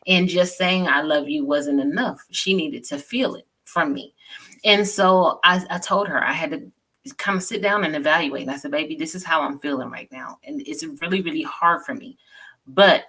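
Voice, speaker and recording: Woman in her forties, low pitch, bright tone, earnest storytelling, casual chat. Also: moderate pace. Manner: earnest, personal storytelling with many "you know"s. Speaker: guest.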